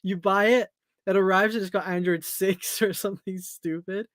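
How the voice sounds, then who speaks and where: A man's voice: sits high, fairly even intonation, moderate pace, a bit bright, dry recording, clean studio sound. A male guest in a casual tech chat who gives opinions bluntly with joking asides.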